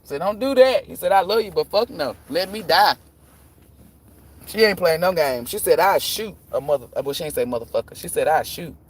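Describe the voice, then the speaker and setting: A man with a voice pitched a little high for a man, talking loosely on a livestream. He tells blunt, profane stories, laughs often and slips into the voices of the people he quotes. It is casual, unscripted chat from a tarot reader. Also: lively intonation, a little fast, slightly rough.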